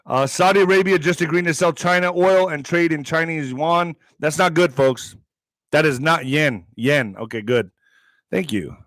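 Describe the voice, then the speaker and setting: A man's voice: fairly high pitch, moderate pace, fairly bright tone, no room sound. A man hosting a political commentary stream, reading headlines aloud and breaking into heated, profane, sarcastic asides. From Mexican heritage.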